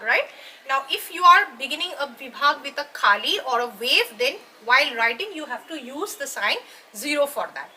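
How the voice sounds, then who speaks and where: Female dance teacher, clear high voice, patient and explanatory, faint room noise. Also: sharp tone. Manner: patient, checks in with "right?" and "okay?". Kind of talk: explanatory lesson.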